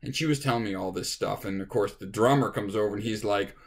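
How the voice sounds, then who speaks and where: A man who is a touring musician tells a rambling, casual anecdote, restarting often and acting out what people said. His voice is husky and on the low side, and he talks fast with hardly any pauses.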